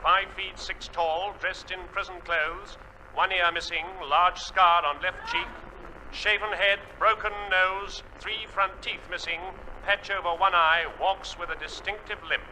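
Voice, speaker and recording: An actor playing a police radio announcer in a 1950s radio comedy, with a clipped, formal bulletin delivery. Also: male voice, high-pitched, fairly even intonation, a little slow, pushed and bright, exaggerated voice, poor audio. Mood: officious. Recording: old radio broadcast with faint hiss.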